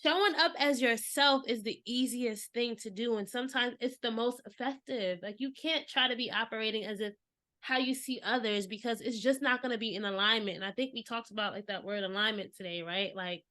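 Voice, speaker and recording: A woman host with a higher, very bright voice chats easily on a podcast. She is affirming and quick to laugh with her guest. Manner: chatty, affirming, laughs often. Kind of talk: casual podcast conversation.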